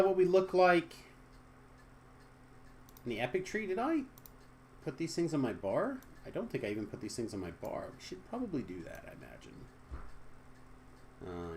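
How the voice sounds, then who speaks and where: A young man chatting casually with viewers on a live game stream, joking and trailing off into quiet asides. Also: medium pitch, sing-song, normal speed, long pauses, slight background noise.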